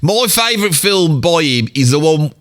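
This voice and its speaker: A man's voice: a little high, sing-song, normal speed, a bit bright. A man doing a grumbling old Brummie bloke. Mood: indignant. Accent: Birmingham. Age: 70s. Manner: gruff, grumbling, swears constantly. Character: grumpy old Brummie man in his seventies, swearing. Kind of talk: comedic character monologue.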